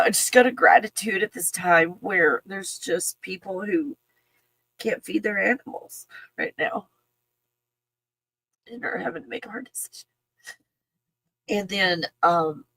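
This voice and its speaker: A woman talking in an emotional, halting casual monologue, breaking off with sighs and soft laughs. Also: on the low side, no echo, low-quality recording. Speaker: channel host.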